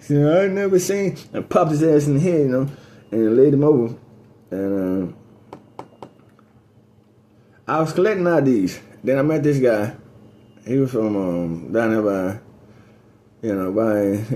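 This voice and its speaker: A man talking in a loose, rambling monologue, full of cursing and half-finished thoughts. His voice sits in a middling pitch with a dark, mellow tone. He drifts from one thread to the next and pushes his voice up when the story heats up. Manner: profane, loose storytelling that drifts between topics; rising pitch on excited story beats.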